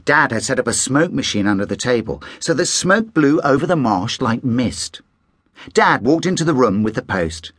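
A man narrating a children's audiobook in an animated storytelling manner, close on a studio mic. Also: medium pitch, moderate pace, husky, no echo.

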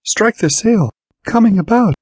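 A man's voice: mid-range voice, normal speed, a little mellow, breathy edge, no echo, pitched above the performer's own voice, close to an everyday voice. A man voicing a blunt young woman steering a raft in an audiobook, clipped and commanding. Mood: urgent.

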